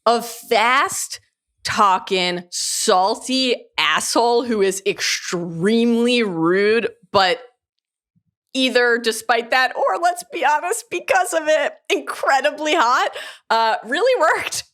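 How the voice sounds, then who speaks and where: Bright, lively woman podcast co-host. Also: fairly high pitch, slow pace. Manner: gushing, laughs often. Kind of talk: casual pop-culture podcast chat.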